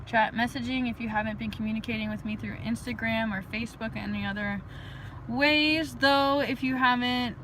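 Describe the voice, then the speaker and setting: A young woman with a fairly high voice talks loosely to her livestream viewers, drifting from thought to thought and breaking into giggles and chanted words. Faint background noise sits under her voice. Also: fairly bright tone, low-quality recording. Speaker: livestream host. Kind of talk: rambling casual livestream monologue.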